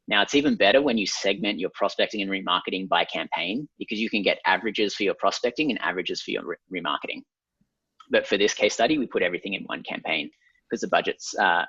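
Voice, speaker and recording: Husky Australian man explaining methodically. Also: low voice, dry recording. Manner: steady, methodical, frequent ums. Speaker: ad consultant guest. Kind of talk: explaining a screen walkthrough. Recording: slightly dull lo-fi sound.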